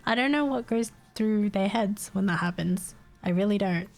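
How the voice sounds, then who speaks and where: A woman's voice: medium pitch, normal speed, vocal fry, a little mellow, soft background music. A young woman, chatting casually on a live stream, venting in exasperation, laughing often and swearing.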